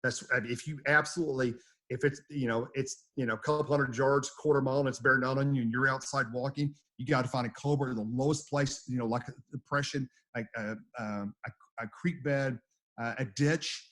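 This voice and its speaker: A man's voice: mid-range voice, fairly even intonation, brisk, a bit bright. A middle-aged man from the United States, a storm chaser telling his stories as an interview guest, rambling and repeating words as he acts out quotes. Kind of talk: animated storytelling.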